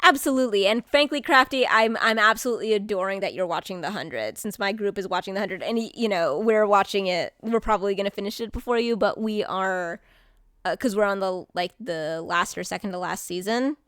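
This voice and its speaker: A woman streamer chatting casually and excitedly, rambling, swearing now and then and answering chat, while hiccuping. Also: medium pitch, a little fast, clear, resonant tone, no echo, studio quality.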